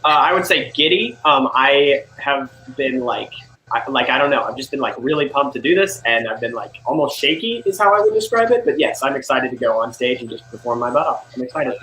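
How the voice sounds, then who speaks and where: Excited young man, bright and roomy. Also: medium pitch. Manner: excited, halting, many "like"s. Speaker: cast member. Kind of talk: casual chat.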